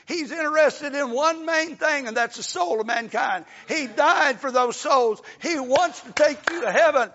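An older preacher with a very high, gravelly voice that has a bright, sharp edge. He preaches in a folksy way, swelling into shouts and falling back to a soft hush. He is heard on a dull, lo-fi recording with long reverb from the hall. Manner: folksy, rising to shouts then dropping soft. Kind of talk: sermon.

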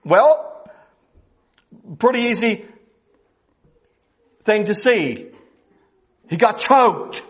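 A man's voice: high voice, expressive, extremely slow, long pauses. A man preaching a sermon, emphatic and full of rhetorical questions, on a dull lo-fi recording.

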